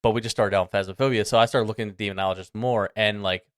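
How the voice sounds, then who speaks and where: A man co-hosting a casual podcast chat, talking in excitable, rambling bursts. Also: fairly low pitch, racing, smooth, dry recording, studio quality. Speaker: podcast co-host.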